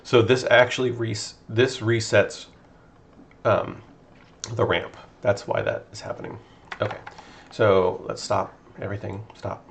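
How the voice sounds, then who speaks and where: A man's voice: fairly low pitch, fairly even intonation, measured pace, vocal fry, a little hiss or hum. A man streaming game development, talking casually and muttering to himself as he debugs code. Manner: muttering to himself while debugging, thinking aloud. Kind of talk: casual live-stream chat while coding.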